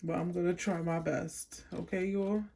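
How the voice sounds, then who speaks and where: A woman giving a casual pick-a-card tarot reading, chatty and unhurried as she lists card words one by one. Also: lowish voice, little pitch movement, creaky, mellow. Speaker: tarot reader.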